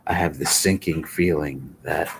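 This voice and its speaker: A sleepy man speaking live commentary in a slow, halting way, often repeating himself. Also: extremely low pitch, fairly even intonation, creaky, very noisy. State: sleepy, yawning. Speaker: livestream commentator.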